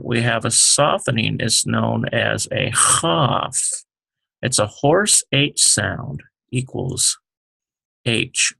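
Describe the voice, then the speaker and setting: A man teaching the Hebrew alphabet, talking slowly with many fillers as he writes out each letter. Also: mid-range voice, gravelly, a bit bright, husky, no echo. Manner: slow, halting, many fillers, explains while writing. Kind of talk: unscripted alphabet lesson.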